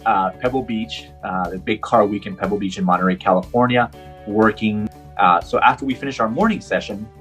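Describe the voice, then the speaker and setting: A middle-aged man from Puerto Rico who is a professional driver, telling a personal story in an interview and acting out the dialogue. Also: lowish voice. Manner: animated storyteller, acts out quoted dialogue.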